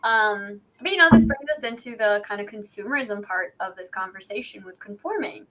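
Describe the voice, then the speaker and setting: A woman co-hosts a podcast with a mid-range, fairly bright voice, talking a little fast. She's chatty and self-deprecating in the casual conversation, tossing out rhetorical questions.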